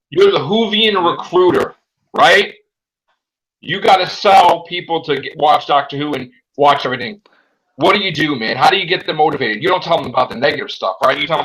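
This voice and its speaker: A young man hosting a casual fan chat, animated and exclaiming, acting out his own reactions. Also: on the high side, brisk, rough recording. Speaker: podcast host.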